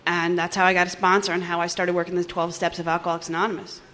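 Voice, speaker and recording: Bright-voiced woman, animated storyteller, shares her recovery testimony and acts out the voices in it. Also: lowish voice, racing. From New Jersey. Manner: animated storytelling, acts out dialogue, laughs often. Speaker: recovery meeting speaker. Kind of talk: personal testimony at a recovery meeting.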